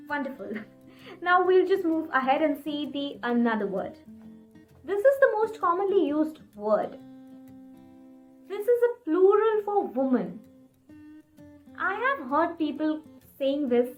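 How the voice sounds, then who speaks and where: A woman teaching English pronunciation in a video lesson, encouraging viewers and repeating words slowly for them to practice. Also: sits high, big pitch swings. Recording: faint guitar music behind.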